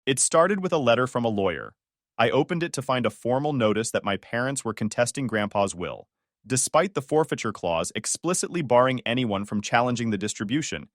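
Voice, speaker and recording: Male narrator, lively up-and-down delivery, dry close mic, first-person drama reading. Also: mid-range voice, brisk, no room sound. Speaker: story narrator.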